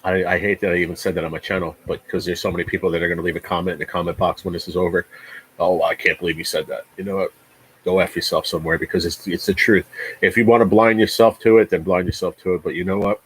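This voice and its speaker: Livestream host, a man in his forties, low husky voice, swearing and ranting with heavy emphasis. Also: little pitch movement, quick pace, poor audio. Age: 40s. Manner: repeats words. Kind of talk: casual livestream chat.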